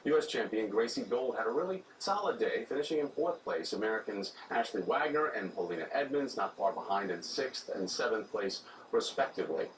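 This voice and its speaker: A man's voice: fairly low pitch, animated. Man reading morning news briefs. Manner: brisk, conversational news delivery. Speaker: news anchor. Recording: roomy studio, distant mic, faint noise.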